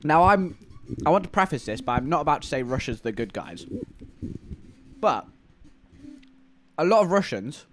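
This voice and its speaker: A man with an English accent, chatting casually and rambling to viewers on a live stream. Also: mid-range voice. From England.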